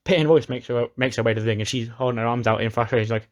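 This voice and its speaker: A man's voice: mid-range voice, racing. A man casually recapping a wrestling simulation game, chatty and often restarting his sentences. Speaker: game commentator.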